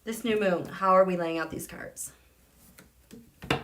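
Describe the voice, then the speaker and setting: A woman hosting a live tarot and astrology stream, excitable and gushing, swinging between loud exclamations and soft murmurs. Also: on the low side, a little slow, long pauses, a little hiss or hum. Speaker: tarot and astrology channel host.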